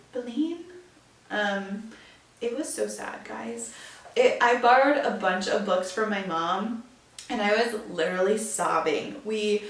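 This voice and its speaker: A young woman hosts a casual solo podcast, chatting in a filler-heavy way. Her medium-pitched voice sounds far from the mic, a bit off-axis in an echoey, roomy space.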